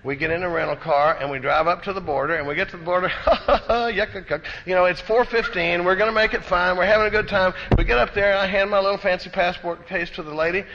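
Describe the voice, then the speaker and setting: A man from Austin with a Texan accent, telling an animated, self-deprecating recovery story to a conference crowd. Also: high voice, fast talker, slight background noise. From Austin, Texas. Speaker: recovery speaker. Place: conference hall. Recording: dull echoey hall recording.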